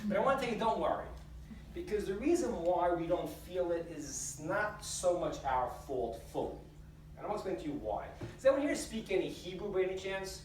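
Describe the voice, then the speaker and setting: A woman rabbi giving a lively spiritual talk to a live audience, full of rhetorical questions and stories. Her pitch rises and falls with animation. She sounds distant, in an echoing hall. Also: a little fast, slight background noise. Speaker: rabbi speaker. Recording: roomy hall, distant mic.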